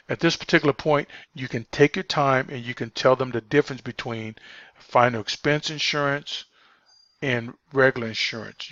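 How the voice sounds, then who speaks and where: A man's voice: mid-range voice, bright, forceful tone, dry recording. Man, sales trainer, emphatic, repetitive, filler words, dull lo-fi sound, dry. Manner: emphatic, repeats key points, many fillers. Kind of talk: spoken training walkthrough.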